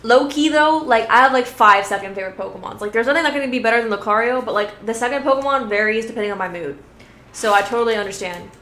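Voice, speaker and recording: A woman's voice: on the high side, fast talker, sharp tone, a little hiss or hum. A woman streamer chatting casually with her viewers, giggly and rambling, swearing freely. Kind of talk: casual live-stream chat. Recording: roomy echo.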